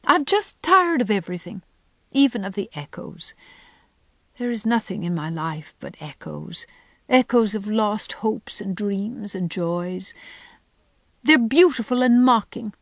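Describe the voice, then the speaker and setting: A woman's voice: mid-range voice, animated, a little slow, creaky, no room sound, voice pushed up. A woman voicing a wistful, dreamy older unmarried woman in an audiobook, who sighs, lilts and breaks into sudden bursts of feeling. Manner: sighing, lilting, given to sudden bursts.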